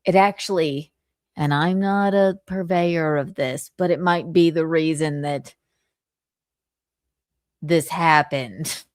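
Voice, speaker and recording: A woman's voice: low-pitched, slow pace, long pauses, no echo, clean studio sound. A woman streamer chatting casually and giggling as she jokes while reacting to videos. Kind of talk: casual chat on livestream.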